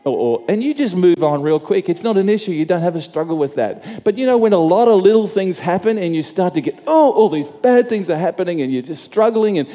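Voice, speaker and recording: A man's voice: high-pitched, expressive, a little fast, hardly any pauses, dark tone, big-room sound. A man preaching a sermon as pastor, conversational, repeating and restarting phrases and asking the crowd questions.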